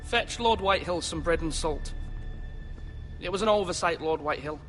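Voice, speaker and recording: An actor playing an earnest young lord in a video game, speaking in a measured, placating way. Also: male voice, a little high, fairly bright tone, big-room sound, soft background music, lightly acted.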